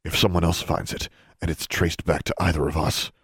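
A man voicing a mocking, menacing young man with a low, growling, derisive manner in an audiobook. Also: flat delivery, fairly quick, a bit bright, slightly rough, no room sound, clean studio sound, exaggerated voice. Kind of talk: audiobook character voice.

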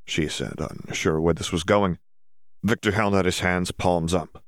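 A man with a very low voice narrates an audiobook slowly and deliberately. The recording is close and dry, with no room sound. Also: level tone, dry recording.

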